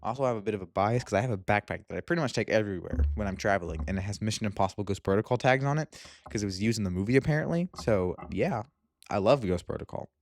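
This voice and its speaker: A young man casually reviewing and ranking movies in a vlog, excitable and gushing, quick to laugh. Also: on the low side.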